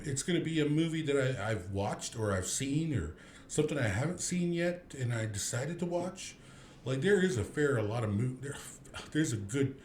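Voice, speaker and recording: A man's voice: mid-range voice, darkish tone, roomy sound, slight background noise. A man in his thirties hosting a movie review podcast, rambling casually with many restarts and fillers.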